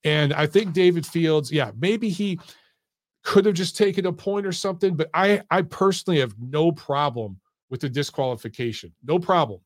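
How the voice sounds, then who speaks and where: A man hosting a casual solo boxing talk stream, blunt and animated, swearing freely while he breaks down fights and reads viewer questions. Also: fairly high pitch, normal speed, no room sound, clean studio sound. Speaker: boxing commentator and channel host. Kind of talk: casual solo commentary livestream.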